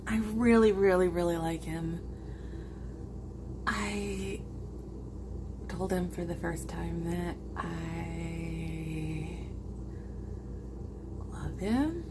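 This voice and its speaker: A woman in her forties vlogging in a casual chat to camera, rambling and halting with lots of fillers. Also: fairly low pitch, noisy background. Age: 40s.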